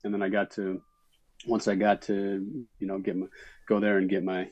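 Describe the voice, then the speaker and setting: A middle-aged man from Minnesota talks through his stories in a relaxed, rambling way, with lots of fillers. His voice sits very low and stays level. The sound is close and dry. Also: normal speed, no room sound, muffled recording. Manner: relaxed storytelling, many fillers. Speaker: actor guest. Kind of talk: casual interview chat.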